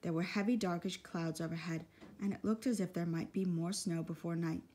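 A woman reading a children's storybook aloud in a steady, measured way. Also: on the low side. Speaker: audiobook reader. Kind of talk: storybook narration.

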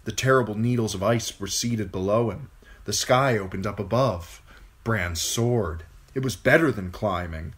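Male amateur novel reader: low, husky voice, animated and dramatic storytelling. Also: normal speed. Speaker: hobby audiobook reader. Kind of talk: amateur fantasy novel reading.

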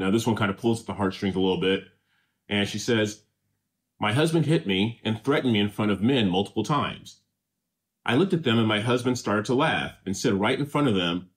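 A middle-aged man from Southern California, co-hosting a casual reaction show and reading viewer comments aloud in an easygoing, rambling way. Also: on the low side.

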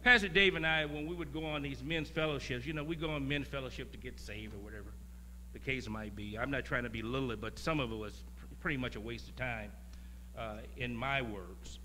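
A man preaching as a guest pastor, talking in a conversational way, laughing and swinging from quiet asides to loud emphasis. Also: mid-range voice, brisk, slight background noise. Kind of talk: sermon.

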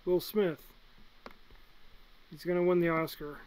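A young man from the United States ranking movies in a casual vlog, blunt and excitable, swinging from loud bursts to muttered asides. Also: on the high side, unhurried, clean tone, rough recording. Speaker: movie reviewer.

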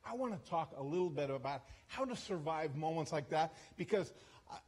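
A man with a slightly high, husky voice speaks as a guest preacher at a church service. He tells a story in a loose, conversational way, laughing at himself and often restarting his sentences. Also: lively intonation, a little fast, a little mellow. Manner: chatty, self-deprecating, with frequent restarts and asides. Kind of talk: storytelling sermon.

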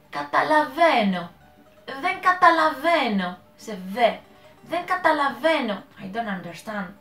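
Spanish-accented woman hosting a casual learning vlog; slow, self-correcting, laughs at herself; echoey room with faint music. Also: mid-range voice. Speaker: language learner and host. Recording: roomy echo with faint music.

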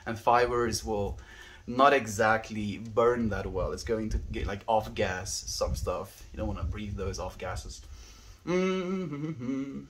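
A man's voice: fairly low pitch, slow. A young South African man on a daily livestream, musing earnestly and reading chat messages aloud.

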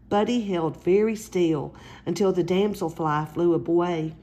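Woman gently reading a picture book. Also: fairly low pitch, measured pace. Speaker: storyteller.

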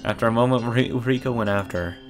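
A man's voice: mid-range voice, fast talker, soft background music. A man reading a visual novel aloud for a let's-play, breaking in with blunt, profane commentary.

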